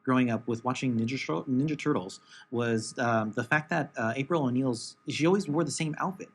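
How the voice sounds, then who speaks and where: A man co-hosting a podcast in casual chat, talking haltingly with many fillers and restarts. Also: mid-range voice, a little hiss or hum. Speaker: podcast co-host.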